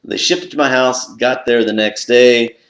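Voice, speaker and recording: A man vlogging about a lucky find, telling the story with lots of excitement and leaping up in pitch when he relives his panic. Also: moderate pace. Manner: excitable, jumps up high when retelling his own panic. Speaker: pipe collector vlogger. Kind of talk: animated storytelling to camera. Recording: echoey room.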